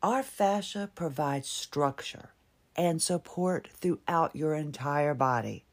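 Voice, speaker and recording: Low-voiced chatty woman from Virginia. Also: expressive, slow. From Virginia, USA. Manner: chatty, wry, laughs at herself. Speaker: podcast host. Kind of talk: casual monologue.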